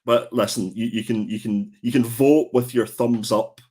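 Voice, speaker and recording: A man's voice: mid-range voice, steady tone, normal speed, a little mellow, husky. A man hosting a casual comics livestream, chatty and prone to repeating his words as he goes. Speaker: comic show host.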